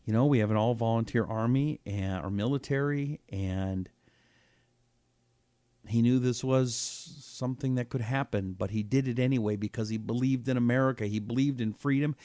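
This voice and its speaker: A man's voice: mid-range voice, moderate pace, dry recording. Heated male talk host, dry close mic. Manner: heated and indignant, swings from hushed to loud. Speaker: political talk show host. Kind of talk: live talk show, reading viewer comments.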